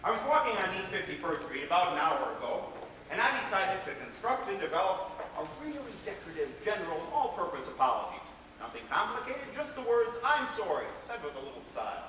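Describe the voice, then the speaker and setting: A man's voice: high-pitched, sing-song, fast talker, bright, forceful tone, exaggerated voice. An actor playing a whimsical, rebellious grown man, telling stories with theatrical, playful flourishes in a live stage play. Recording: echoey theater hall from far off, faint noise.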